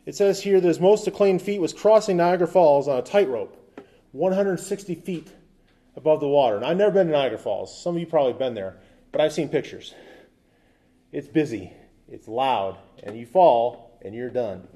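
A man's voice: a little high, lively intonation, normal speed, dark tone. A man preaching a sermon as pastor, talking conversationally with asides and quips, and reading scripture aloud with emphasis.

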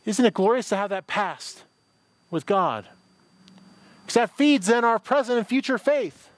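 A man's voice: high-pitched, lively intonation, measured pace, no room sound. A middle-aged male pastor preaching a conversational sermon, reading scripture and adding informal asides with frequent repeated words. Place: church service with a parking-lot and online audience.

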